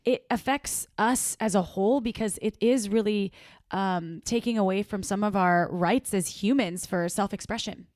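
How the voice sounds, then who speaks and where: A woman's voice: mid-range voice, normal speed, hardly any pauses, a little mellow, no echo, clean studio sound. A woman co-hosting a casual podcast, chatty and playful, who jokes around with silly accents between topics. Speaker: podcast co-host.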